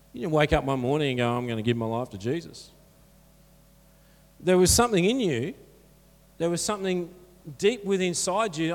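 High-voiced man preaching. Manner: earnest, encouraging, conversational preaching. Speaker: pastor. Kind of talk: sermon. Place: church hall. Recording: church hall reverb.

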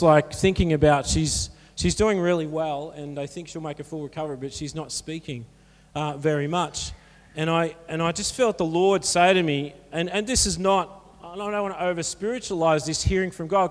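Man, pastor, high voice, earnest encouraging sermon, long church-hall reverb. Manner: earnest, encouraging, conversational preaching.

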